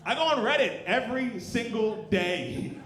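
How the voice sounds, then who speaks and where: A man in his thirties performing a profane, animated stand-up comedy set on a club stage. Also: extremely high pitch, normal speed, a little hiss or hum. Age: 30s. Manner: animated, profane, loud punchlines. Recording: roomy live club recording with crowd. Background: audience laughter.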